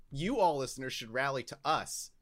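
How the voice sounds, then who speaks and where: A man hosting a podcast, animated and playful as he plugs events between jokes. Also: medium pitch, a little slow, crowd noise. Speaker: podcast host. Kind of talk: casual comedic chat.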